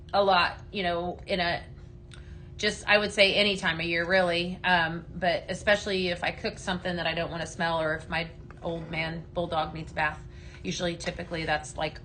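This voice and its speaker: A woman with a bright, clear voice hosts a relaxed live sales stream. She chats her way through products and viewer questions, stopping and restarting her sentences as she goes. A faint hiss of noise sits under her voice. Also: medium pitch. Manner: chatty and halting, with many fillers and restarts. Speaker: company staff host of a live sales stream. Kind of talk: casual live product demo, answering viewer comments.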